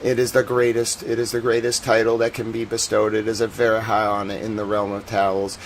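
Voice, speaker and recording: A man with a Boston accent hosting a casual live stream about war footage, chatting with viewers and turning soft and earnest on serious points. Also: on the low side, completely flat delivery, a little fast, a little hiss or hum, low-quality recording. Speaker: live-stream news host.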